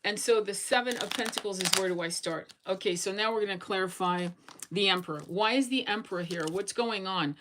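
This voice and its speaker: A woman's voice: mid-range voice, brisk, background noise. A woman giving a casual tarot reading, blunt and chatty, swearing freely as she goes through the cards. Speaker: tarot reader.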